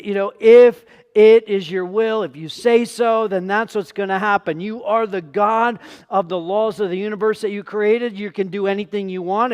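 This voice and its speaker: Man, pastor, sermon, high-pitched, emphatic, repetitive, rhetorical questions, church reverb. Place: church sanctuary. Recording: long hall reverb.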